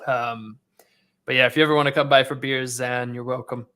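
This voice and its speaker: A man at an average pitch chats with a friendly, teasing manner on a casual podcast. He talks shop with other dent repair technicians. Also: level tone, brisk, sharp tone.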